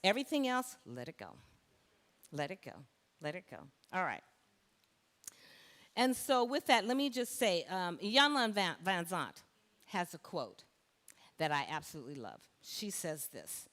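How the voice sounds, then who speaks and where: A woman reverend delivering a lively sermon with call-and-response to her congregation. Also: on the low side, a little slow, long pauses. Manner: animated, call-and-response preaching. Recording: long hall reverb.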